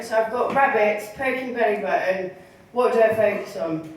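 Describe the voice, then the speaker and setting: A woman's voice: medium pitch, moderate pace, a little hiss or hum. A woman doing a bawdy stand-up set at a bar comedy night, laughing at her own jokes and acting out the people in her stories. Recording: echoey bar, mic heard from far.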